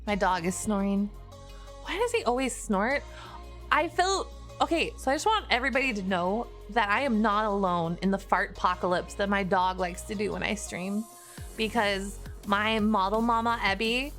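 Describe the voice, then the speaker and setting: A woman's voice: mid-range voice, normal speed, fairly bright tone, faint music behind. A woman streamer chatting casually with her viewers, bubbly and talkative, with frequent laughs. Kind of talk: casual live stream chat.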